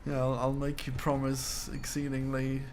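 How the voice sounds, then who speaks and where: A man's voice: mid-range voice, monotone, moderate pace, crowd noise. Laid-back man streaming a game. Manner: laid-back, swears, laughs often. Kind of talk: casual stream chat while gaming.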